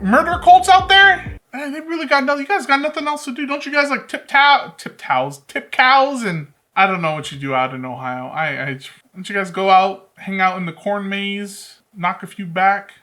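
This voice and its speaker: A woman's voice: medium pitch, moderate pace, hardly any pauses, pushed and bright. A woman hosting a reaction video, giving casual, jokey commentary full of sarcastic asides.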